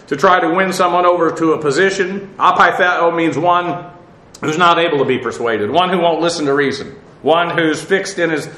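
Man spelling out Greek, bright, echoey. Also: a little high. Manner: methodical, spells out Greek words letter by letter; frequent "uh" fillers and restarts. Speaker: Bible teacher. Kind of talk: verse-by-verse Bible teaching.

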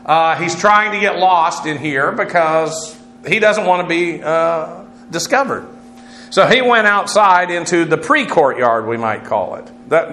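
Echoey Bible teacher spelling Greek words. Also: male voice, fairly high pitch, bright, forceful tone. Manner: explanatory, spells out Greek words, frequent uh fillers. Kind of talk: Greek word-study lecture. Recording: echoey room with faint noise.

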